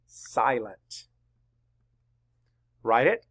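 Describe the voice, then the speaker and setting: A man's voice: medium pitch, lively intonation, creaky, a bit bright. A male teacher leading a spelling lesson for young children, spelling words out letter by letter and answering his own questions. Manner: slow, deliberate, letter-by-letter dictation; asks questions and answers them himself.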